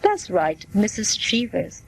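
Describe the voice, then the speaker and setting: A woman's voice: medium pitch, huge pitch swings, creaky, breathy edge, heavily acted, low-quality recording. A woman reading as a polite clinic receptionist. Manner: slow, plain reading voice. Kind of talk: scripted dialogue for learners.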